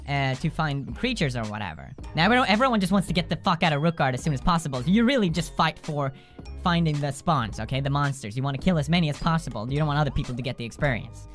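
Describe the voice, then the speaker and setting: A young man hosting a gaming video, telling comic stories in a casual, profane, animated way and laughing often. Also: a little high. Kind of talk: casual comedic storytelling.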